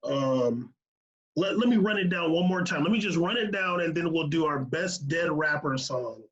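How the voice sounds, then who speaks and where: A man with a high voice chats casually as a podcast co-host. He laughs often and rattles off lists of picks. The sound is a little muffled. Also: animated, moderate pace, a bit bright. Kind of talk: casual chat.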